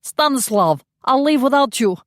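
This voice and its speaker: A woman voicing a captured male villain who yells and protests shrilly. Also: animated, normal speed, no echo, studio quality. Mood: whiny. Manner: shrill, yelling.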